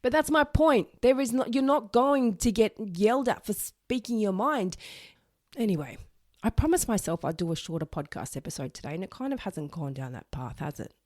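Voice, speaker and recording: A woman's voice: mid-range voice, expressive, normal speed, darkish tone, no room sound, studio quality. A woman hosting her own solo podcast, talking in a chatty, earnest and self-deprecating way. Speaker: podcast host. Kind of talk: solo motivational podcast talk.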